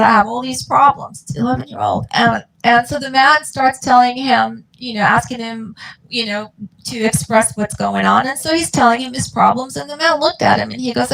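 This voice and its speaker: Speaking as a guest, a middle-aged woman who is a mother recounts her family's emotional story with earnest passion, voicing the dialogue herself. Her voice is a little high, creaky, and a bit bright, captured on a rough recording.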